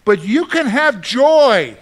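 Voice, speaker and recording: Animated high-voiced male pastor preaching. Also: slow. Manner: animated, asks the congregation questions and answers them; acts out his own panicked reactions for humor. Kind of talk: sermon.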